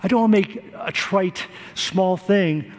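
A man's voice: high-pitched, measured pace, in a large hall. A man preaching a sermon, earnest, repeating words for emphasis. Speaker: pastor.

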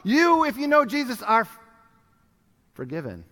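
Man, pastor, sermon, higher-pitched voice, animated, loud then hushed, church hall reverb. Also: normal speed. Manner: animated storytelling, swinging from loud urgency to hushed quiet. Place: church sanctuary.

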